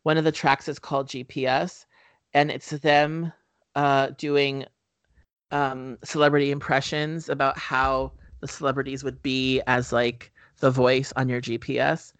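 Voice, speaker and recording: A man's voice: mid-range voice, little pitch movement, unhurried, a bit bright, clean tone, dry recording. Rambling man on a podcast, dry sound. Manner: rambling, heavy on "um" fillers. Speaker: podcast co-host. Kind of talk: casual movie-review chat.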